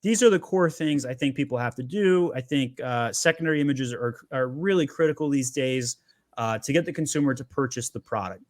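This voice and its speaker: A man who runs an agency gives energetic, emphatic selling advice in a webinar conversation, often repeating words as he starts. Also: mid-range voice, a little fast, no room sound, clean studio sound. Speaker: agency founder sharing Amazon selling advice.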